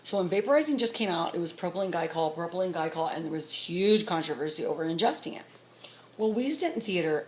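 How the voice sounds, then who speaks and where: Middle-aged lady vlogging, rambly and excited, talks fast, kinda low voice. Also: slight background noise. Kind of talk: casual storytelling to camera.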